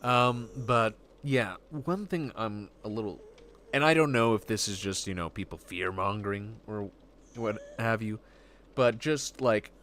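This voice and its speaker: A man hosting a livestream, rambling in casual chat and acting out quick voices when quoting. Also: lowish voice, fairly bright tone. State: getting hiccups. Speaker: livestream host.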